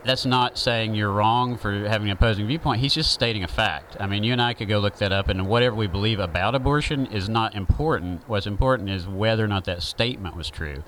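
A man's voice: lowish voice, a little fast, hardly any pauses, a bit bright, slight background noise, poor audio. A man with a Southern accent, talking through an opinion monologue in a rambling, conversational way with many fillers.

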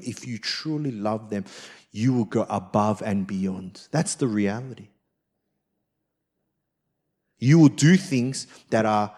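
Guy preaching a sermon, kinda husky, goes from loud and punchy to really quiet, acts stuff out. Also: on the low side. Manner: animated storytelling, swings from loud emphatic to quiet and soft; acts out quoted voices. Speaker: pastor.

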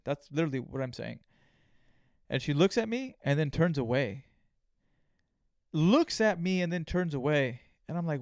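Profane, animated male podcast host. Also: fairly high pitch, a little fast, clear, resonant tone, no echo, studio quality. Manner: profane, animated storytelling, acts out his own inner voice. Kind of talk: solo podcast monologue.

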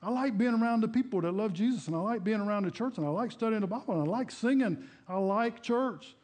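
A man's voice: sits high, fast, a little mellow. An older man preaching a sermon as pastor, in a folksy, conversational way, often rising and dropping his voice. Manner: folksy, conversational preaching with shifting volume and pace. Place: church.

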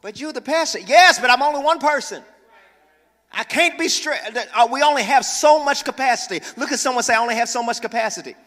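Pastor, male, high bright voice, playful preaching, long church-hall reverb. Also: fairly quick. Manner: lively preaching with humor, calls for congregation responses. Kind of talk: sermon. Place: church sanctuary.

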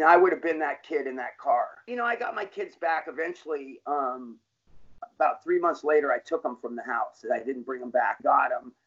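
A man's voice: on the high side, a bit bright, husky. A middle-aged man telling his life story in an interview, blunt and profane, in plain street talk. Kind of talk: candid personal storytelling. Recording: dull lo-fi recording.

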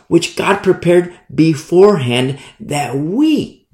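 Animated preacher in an echoey room. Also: male voice, high-pitched, vocal fry. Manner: conversational, repeats and restarts phrases, pauses to stress words. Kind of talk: sermon.

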